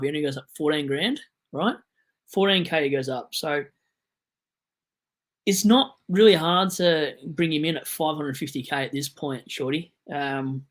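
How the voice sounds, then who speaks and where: A young Australian man hosting a casual live stream, excitable and digressive, jumping from loud outbursts to mumbled asides. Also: on the high side.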